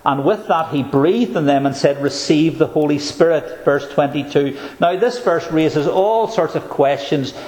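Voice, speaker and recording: A man preaching a sermon, earnest and emphatic, slowing down to stress key phrases. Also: on the high side, darkish tone, roomy sound, rough recording.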